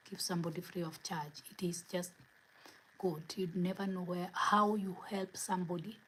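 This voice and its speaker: A woman giving an earnest spiritual motivational talk as host, asking repeated rhetorical questions, her words often trailing into soft breathy whispers. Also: medium pitch, a little hiss or hum, low-quality recording.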